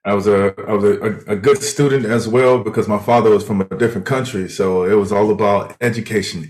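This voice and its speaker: Guest mentor, male, lowish voice, hesitant delivery full of "um"s and quick laughs. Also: fairly even intonation, darkish tone. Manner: hesitant, many fillers and restarts, laughs easily. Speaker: podcast guest, high performance mentor. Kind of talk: casual interview chat.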